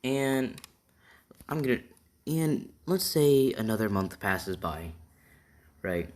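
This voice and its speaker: A man improvising a fan-fiction story out loud, rambling and tagging almost every point with a quick check-in question. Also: mid-range voice, sing-song. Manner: rambling, constantly checking in with "right?".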